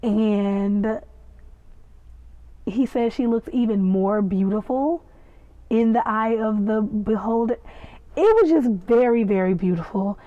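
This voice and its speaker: Taking it slowly and pausing often, a woman with a slightly high, warm voice hosts a podcast about a TV episode. She recaps and reacts with gushing chatter and playful asides. The dry recording has a tinny, phone-like sound.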